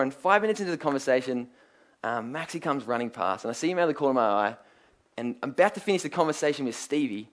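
An earnest male preacher, his voice sitting a little higher than most men's. He drives his points home with emphatic repetition and rhetorical questions, moving between scripture and personal stories. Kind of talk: sermon.

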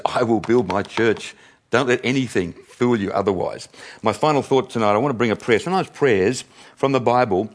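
An older man preaching a sermon to his congregation, chatty and self-mocking, often laughing with the crowd. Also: fairly low pitch. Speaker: pastor.

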